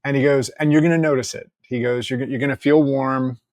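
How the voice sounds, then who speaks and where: A man, a podcast guest, telling a story in casual conversation, candid and joking, quoting people in lively asides and swearing freely. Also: mid-range voice, a little fast, no echo.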